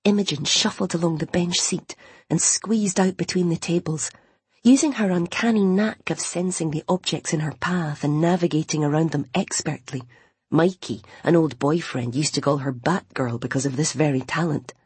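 A woman reading a novel aloud in an expressive way, voicing its characters. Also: low voice, normal speed, breathy edge, no room sound. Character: Imogen, determined young blind woman wanting a baby. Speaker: audiobook narrator. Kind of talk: scripted novel narration with character voices.

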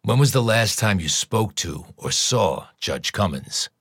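A man voicing a steady, matter-of-fact FBI investigator in an audiobook, measured and flat. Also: lowish voice, breathy edge, no echo, studio quality, exaggerated voice. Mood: grave. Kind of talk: audiobook character voice.

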